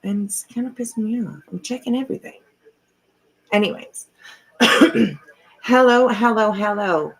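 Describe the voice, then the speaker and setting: A woman's voice: medium pitch, normal speed, long pauses, poor audio. A middle-aged woman hosting a casual livestream from home on a computer mic. She talks in a rambling, chatty way and swears freely. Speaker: livestream host.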